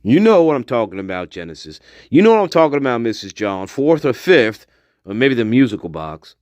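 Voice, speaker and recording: A man's voice: medium pitch, sing-song, fairly quick, darkish tone, dry recording. A man hosting a casual livestream, talking in a rambling, profane, repetitive way and laughing often. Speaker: livestream host.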